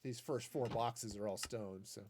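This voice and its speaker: A man's voice: mid-range voice, measured pace, background noise. A man streaming a game, chatting casually and thinking aloud with many restarts. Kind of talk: casual commentary while gaming.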